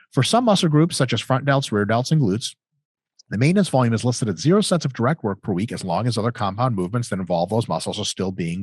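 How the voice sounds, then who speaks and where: A man's voice: mid-range voice, dry recording. A man in his thirties co-hosting a casual question-and-answer chat, joking and swearing freely. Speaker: co-host answering viewer questions.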